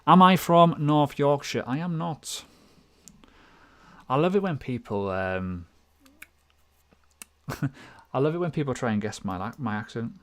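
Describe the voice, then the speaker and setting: A man hosts a casual livestream, talking loosely and joking at his own expense. His voice sits at an ordinary middle pitch, and his chat is slangy and relaxed. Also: measured pace, long pauses. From United Kingdom. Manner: chatty, jokey, self-deprecating, with slangy asides. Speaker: crypto analysis livestream host.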